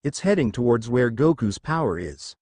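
A man's voice: medium pitch, sing-song, moderate pace, a little mellow, no room sound. A man voicing an offhand, all-powerful young male ninja in a story reading. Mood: cocky.

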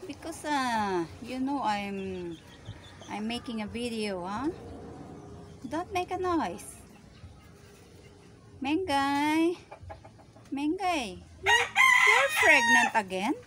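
Woman vlogger for backyard animal-chat clips: slow, singsong delivery, fussing over her pets, roosters crowing loudly behind her. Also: animated, noisy background. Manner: coos and fusses at her animals, with sudden high squeals. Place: outdoor backyard with chickens.

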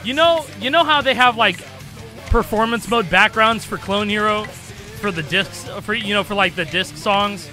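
A young man giving casual gameplay commentary, excitable, laughing often and swearing, breaking into shrieks when something amuses him. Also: high-pitched, moderate pace, soft background music. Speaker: gaming YouTuber.

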